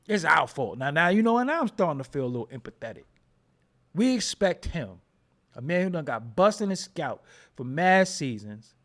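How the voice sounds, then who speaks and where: A man's voice: fairly high pitch, very animated, normal speed, a bit bright. A man hosting a casual commentary show, joking and riffing in slangy with frequent laughs. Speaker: host.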